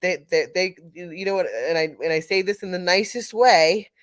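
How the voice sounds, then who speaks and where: A woman's voice: lowish voice, moderate pace, no room sound. A middle-aged woman from California, telling a casual story on a live audio panel, laughing often and restarting her sentences. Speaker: panel speaker.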